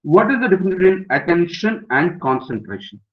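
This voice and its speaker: A man's voice: high-pitched, big pitch swings, brisk. An older man, a professor giving a webinar lecture to students, emphatic, repeating key words and putting questions to his audience. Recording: dull lo-fi webinar audio.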